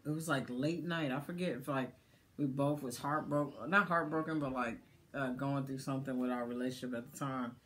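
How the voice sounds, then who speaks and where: A man, a guest on a podcast, telling a personal story in casual chat. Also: mid-range voice.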